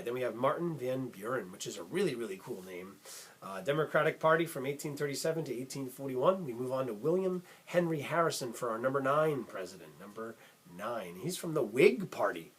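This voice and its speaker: A man's voice: medium pitch, slightly rough. A man hosting a casual lesson for children, chatty and upbeat, often calling facts cool. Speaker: music teacher and channel host.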